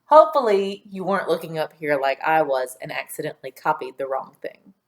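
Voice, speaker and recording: A woman teacher giving a patient, clearly spoken phonics and dictation lesson for young children. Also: low voice, sing-song, fairly quick.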